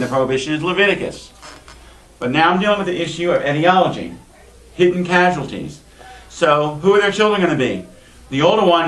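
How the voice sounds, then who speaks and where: A man, a rabbi, giving an informal Bible lecture to an adult class. He teaches with wry asides and jokes. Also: a little high. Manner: lively, wry asides and joking. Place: synagogue classroom. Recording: echoey room, mic far off, faint hiss.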